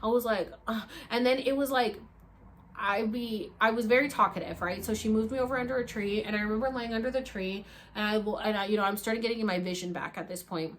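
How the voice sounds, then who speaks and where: A young woman vlogger telling a story to the camera in a casual, animated way, acting out quotes and swearing freely. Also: on the high side, quick pace. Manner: animated, acts out quotes with sudden loud bursts.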